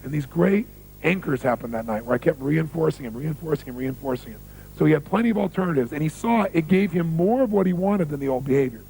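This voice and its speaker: A man's voice: a little high, animated, fast, vocal fry, a little mellow, slight background noise, poor audio. A man giving a motivational seminar talk on stage, telling stories, repeating key phrases for emphasis and quizzing the audience. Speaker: motivational speaker.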